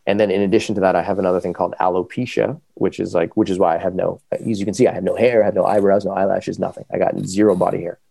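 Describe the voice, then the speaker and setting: Male podcast guest, deep rough voice, rapid casual storytelling, dry close sound. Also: dry recording. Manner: animated, quick, full of fillers.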